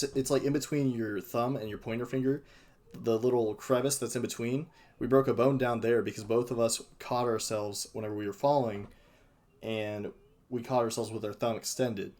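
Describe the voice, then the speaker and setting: A man's voice: mid-range voice, darkish tone. A young man hosting a casual podcast chat, hesitant and full of fillers, often restarting his sentences. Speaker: podcast host.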